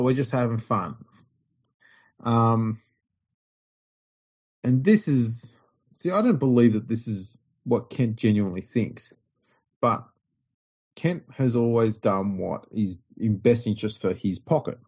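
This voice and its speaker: A blunt man ranting on a sports podcast, heavy with curses. His voice is dark and husky, sits fairly low, and the audio is dull and lo-fi. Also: a little slow, long pauses. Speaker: podcast co-host. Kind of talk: casual podcast chat.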